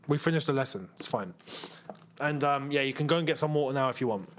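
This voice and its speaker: A young man from England hosts a football watchalong, chatting casually with viewers and explaining things at length, full of fillers. He talks fast with lively intonation, in a medium-pitched, slightly bright voice, as casual live-stream chat and commentary.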